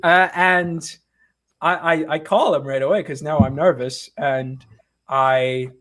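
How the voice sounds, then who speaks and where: A man, a comic book writer being interviewed, chatting casually and telling animated, self-mocking stories. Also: mid-range voice, measured pace.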